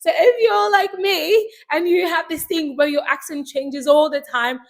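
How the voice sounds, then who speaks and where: A woman's voice: extremely high pitch, steady tone, unhurried. A Nigerian woman with a slightly British accent touched with American and Nigerian, chatting in a vlog and laughing often. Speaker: vlogger. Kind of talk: casual vlog monologue.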